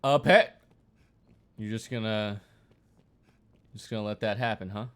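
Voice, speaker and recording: A man's voice: on the low side, unhurried, fairly bright tone, smooth. A man streaming a game, swearing and joking as he reacts to it aloud. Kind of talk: casual game stream banter.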